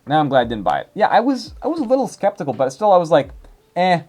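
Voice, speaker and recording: A man's voice: a little high, wildly swooping pitch, racing, darkish tone. A young man in his twenties reading viewer comments in casual, rambling chat, full of fillers. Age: 20s. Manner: rambling, filler-heavy, chatty.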